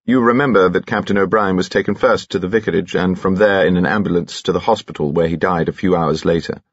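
A controlled police inspector speaks in a very deep, husky murmur, as a man voices him in an audiobook. His delivery is measured and intimate. The recording is dry and slightly muffled. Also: fairly even intonation, no room sound. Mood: formal, firm.

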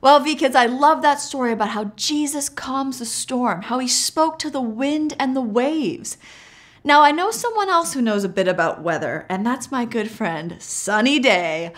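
A woman's voice: high voice, lively intonation, normal speed. A woman hosting a children's church program, talking to the kids in an upbeat, encouraging way. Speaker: children's ministry host. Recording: music behind.

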